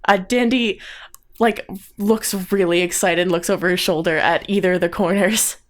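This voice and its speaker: A woman playing in a tabletop role-play, giggly and animated. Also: on the low side. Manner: giggly, animated, slow-spoken. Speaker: player.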